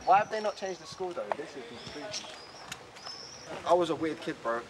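Slangy man on a noisy street. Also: fairly high pitch. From Poland. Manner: animated, slangy, quick to laugh. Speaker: musician showing his childhood neighbourhood. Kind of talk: casual walking tour chat. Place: outdoors on city streets. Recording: street noise and traffic outdoors.

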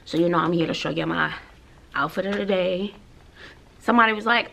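A woman's voice: on the low side, brisk, creaky, pauses often, fairly bright tone. A woman teacher, chatting sassily to her viewers in a casual vlog, talking to them like girlfriends. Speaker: middle school teacher.

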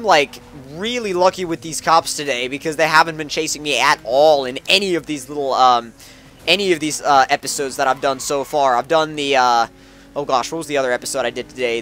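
A man giving rambling, casual let's-play commentary as a gaming channel host, chuckling between thoughts and breaking into sudden excited outbursts. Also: on the high side, moderate pace.

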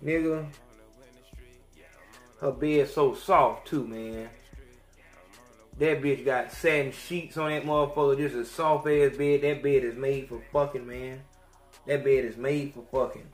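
A young man, a podcast host telling a crude story in a profane, animated rant that swings between loud outbursts and mutters. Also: medium pitch, a little slow, pauses often, echoey room, soft background music.

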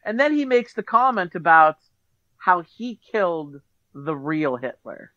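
A man's voice: high-pitched, big pitch swings, a little slow, bright, forceful tone, dry recording, highs cut off. A man co-hosting a movie podcast, chatting enthusiastically about a film with some swearing. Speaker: podcast co-host. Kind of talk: casual movie review chat.

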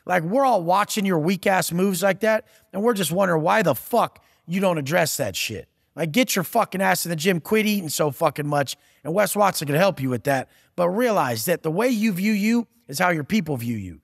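A man's voice: high-pitched, animated, brisk, creaky, hardly any pauses, breathy edge, no echo, studio quality, long reverb tail. A man giving a profane, aggressive motivational rant as a podcast guest, taunting and blunt.

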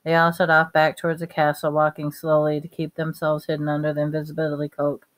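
A woman reading a novel aloud at a steady pace, with small slips and restarts. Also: deep voice, fast talker. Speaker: reader.

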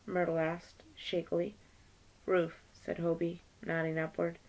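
A woman's voice: fairly low pitch, little pitch movement, measured pace, darkish tone, rough recording. A woman teacher reading a novel aloud to her class, page by page, lightly voicing the characters.

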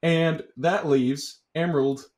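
A man narrates as the storyteller of a social deduction game, his voice sitting a little high. He takes his time, drawing words out between chuckles and fillers as he sums up who played what. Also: steady tone, darkish tone. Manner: drawn-out, chuckling delivery with many fillers. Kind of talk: game announcing and recap.

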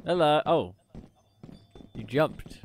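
Male streamer, playful and jumpy, lively pitch. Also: slow pace, a little hiss or hum. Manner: playful, excitable, shrieks and laughs at scares. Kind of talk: casual gaming chat.

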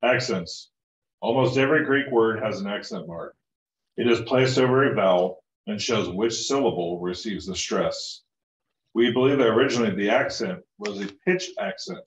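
A man's voice: on the low side, lively intonation, normal speed. A man reading textbook passages aloud in class and asking short questions. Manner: reads steadily, asks short questions. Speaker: student. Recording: roomy, distant and muffled.

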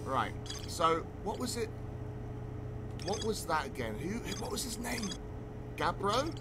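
A man's voice: sits high, big pitch swings, measured pace, heavy background noise. A man, streaming a game and chatting casually in a rambling way that swears freely. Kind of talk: casual gameplay stream chat. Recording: game music playing behind.

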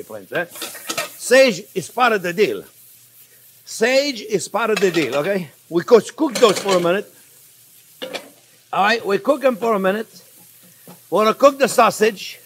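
Male chef, high voice, animated and repetitive, casual cooking demo, faint pan sizzle behind. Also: slight background noise. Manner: animated, repeats phrases, chuckles, addresses viewers as friends. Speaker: chef, cooking show host.

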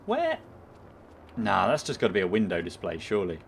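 A man's voice: low-pitched, quick pace, vocal fry, a bit bright, slight background noise. A man hosting a gaming channel, giving rambling, chatty let's play commentary full of fillers as he thinks aloud.

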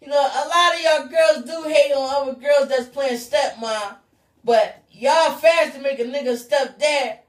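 A woman with a Philadelphia accent hosting a live call-in talk show, loud and hyped, shouting to her callers. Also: high voice, a little slow, reverberant. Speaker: radio talk show host.

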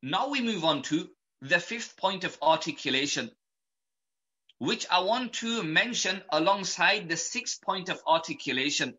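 Guy teaching tajwid slowly, repeats everything, bright tone. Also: high-pitched, animated, dull audio. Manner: patient, repeats each point and letter. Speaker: Quran recitation teacher. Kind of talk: slow methodical lesson.

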